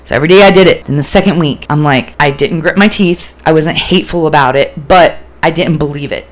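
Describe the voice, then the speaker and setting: A woman with a fairly low voice hosts a casual podcast about self-love. She talks bluntly and earnestly, swears freely and acts out her own inner voice. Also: brisk. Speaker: podcast host. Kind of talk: casual self-help talk.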